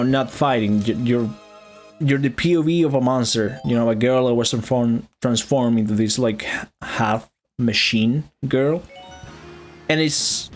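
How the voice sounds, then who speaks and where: A man chatting loosely while playing a game, swearing freely, stumbling over words and laughing often. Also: medium pitch. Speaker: gaming vlogger reviewing a movie. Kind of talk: casual rambling commentary while gaming.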